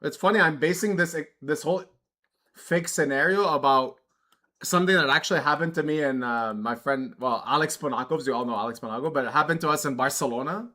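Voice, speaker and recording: A poker streamer chatting casually on a live stream, thinking out loud and joking at his own expense. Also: fairly high pitch, brisk. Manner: chatty, self-mocking, thinks out loud with restarts.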